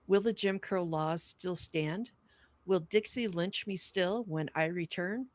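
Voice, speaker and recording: A woman co-hosting a podcast, reading a wartime poem aloud with earnest, measured delivery and chatting casually with her co-host. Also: on the low side, no echo.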